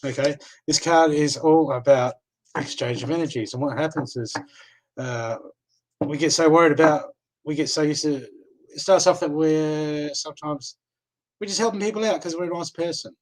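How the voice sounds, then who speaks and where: A man's voice: fairly high pitch, normal speed, rough recording. Chatty Australian man reading cards. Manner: reassuring, repeats "okay?" often. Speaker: card reader. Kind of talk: live card reading stream.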